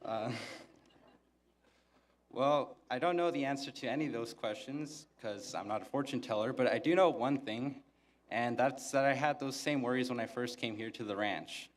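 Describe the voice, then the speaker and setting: A young man gives a graduation speech from a podium mic in a flat, monotone voice. His humor is dry and self-mocking, and his voice sits at a middle pitch. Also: moderate pace. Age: young adult. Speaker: valedictorian giving a graduation speech. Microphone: podium microphone.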